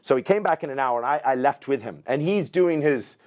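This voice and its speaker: A middle-aged man talks as a podcast guest at a mid-range pitch, neither high nor low. He tells his story casually and with energy, curses freely, and slips into the voices of the people he describes. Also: fairly quick. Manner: animated, profane, acts out other people's lines.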